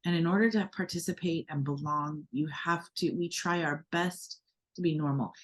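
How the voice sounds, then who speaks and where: An American woman whose voice sits low and holds a steady tone co-hosts a podcast, talking at normal speed in casual conversation. She's reflective and earnest, with frequent fillers and restarts.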